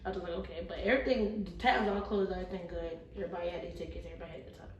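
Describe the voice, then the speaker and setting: A woman's voice: fairly low pitch, steady tone, racing, muffled recording, slight background noise. A woman in her twenties, a podcast guest, telling stories in casual slangy chat and acting out the voices in them. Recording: roomy echo, mic at a distance, faint ambience.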